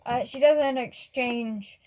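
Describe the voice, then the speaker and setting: A woman with a high voice runs a tabletop game as game master. She narrates casually, pausing often and stumbling over her words as she goes. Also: a little mellow, low-quality recording. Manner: casual, hesitant, filler-heavy narration.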